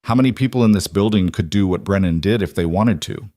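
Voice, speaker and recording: A man's voice: low-pitched, quick pace, mellow, no room sound, studio quality, close to an everyday voice. A man voicing a guarded former soldier and father, speaking tersely and firmly. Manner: terse, firm.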